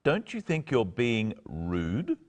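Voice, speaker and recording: A man presenting an English lesson in a clear, careful scripted way, slowing down over the examples. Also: medium pitch, huge pitch swings. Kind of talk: scripted teaching narration.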